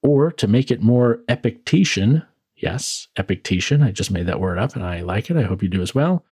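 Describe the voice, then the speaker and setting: A man's voice: fairly low pitch, expressive, brisk, mellow, husky, no room sound. A man hosting a podcast, reading his own reflective script with wry, dry asides, tired from working late. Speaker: podcast host. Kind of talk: scripted philosophical monologue.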